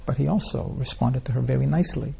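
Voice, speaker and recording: A man's voice: mid-range voice, quick pace, gravelly, warm tone, breathy edge. A man teaching an informal scripture class, telling stories in a rambling way and asking the listeners rhetorical questions. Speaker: spiritual teacher.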